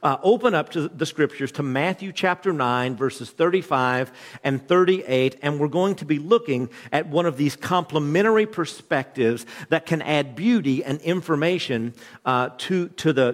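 A man's voice: a little high, normal speed, long reverb tail. A man in his thirties preaching a sermon, a pastor with a conversational, joking storytelling manner. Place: church hall.

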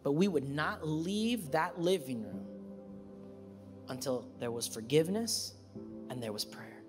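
A male pastor preaching a sermon, emphatic, rising to loud high peaks and then settling into calm, personal storytelling. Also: unhurried. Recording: reverberant church hall with music.

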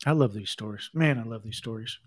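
A middle-aged man preaching a sermon, reading scripture and breaking off into conversational asides and quick acted quotes. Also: on the low side. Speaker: pastor.

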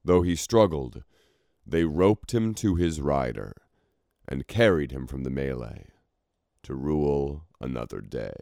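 A man narrating a fantasy story in a measured, expressive reading. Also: very deep voice, creaky, dry recording, studio quality.

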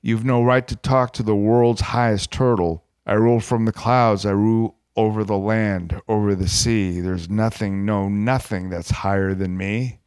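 A man's voice: fairly low pitch, steady tone, moderate pace, hardly any pauses, darkish tone, smooth, no echo, clean studio sound, lightly acted. A man voicing a pompous, boastful male turtle king as he reads a storybook aloud, bellowing and self-important. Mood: angry.

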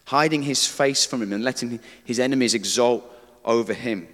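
A man's voice: medium pitch, fairly bright tone. A man preaching a conversational sermon, earnest, who reads scripture aloud. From Britain. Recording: reverberant hall.

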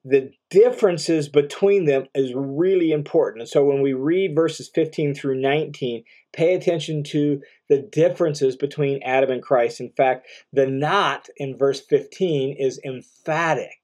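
A man's voice: fairly high pitch, a little slow, hardly any pauses, a little mellow. A man giving a verse-by-verse Bible commentary, reading verses aloud and explaining them in a conversational teaching manner. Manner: occasional fillers and restarts, conversational teaching.

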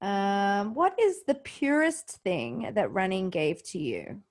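A woman's voice: mid-range voice, big pitch swings, takes it slowly. Effusive woman podcast host. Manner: warm and effusive, gets emotional. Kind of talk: casual interview chat.

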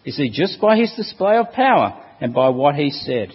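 A man preaching a sermon, expressive, asking rhetorical questions and quoting scripture with emphasis. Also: fairly high pitch, normal speed, slightly rough. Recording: long hall reverb, dull lo-fi sound.

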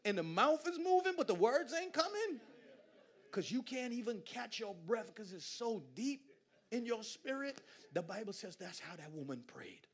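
A man from Guyana preaching a sermon in a church, swinging from hushed asides to loud, laughing exclamations. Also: very high voice, very animated, moderate pace. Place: church sanctuary.

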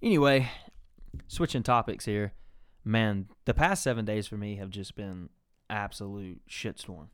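Young man, podcast host, low voice, smooth and clear, dry close sound, rambling profane storytelling. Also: measured pace, no room sound. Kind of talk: casual storytelling chat.

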